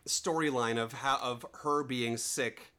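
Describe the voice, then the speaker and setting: A man co-hosting a casual film podcast, explaining his views in halting, thoughtful phrases. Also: medium pitch, fairly even intonation, sharp tone. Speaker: podcast co-host. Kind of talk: casual chat about films.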